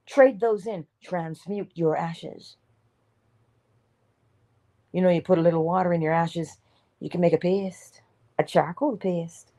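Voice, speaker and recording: Slow, mellow-voiced woman preaching. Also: on the low side. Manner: emphatic, preacherly, drops to whispers. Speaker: motivational speaker. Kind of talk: inspirational morning talk.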